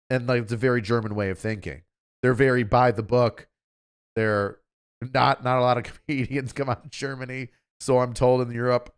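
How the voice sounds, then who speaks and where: Male stream host, smooth voice, rambly and offhand, mid-pitched. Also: steady tone, moderate pace. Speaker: livestream host. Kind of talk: casual livestream chat.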